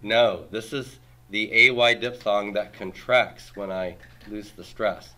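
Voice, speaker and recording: A man's voice: lowish voice, fairly even intonation, slow, pushed and bright. A man teaching a Hebrew grammar class, explaining patiently and quizzing his students with questions and homely comparisons.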